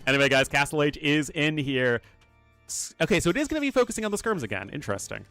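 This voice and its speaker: A man's high-leaning, bright voice has a sing-song, forceful quality and moves fast as he casts a strategy game live for his chat, chatty and full of rambling asides. The recording is dry, with faint music behind this casual esports commentary by a game caster and streamer.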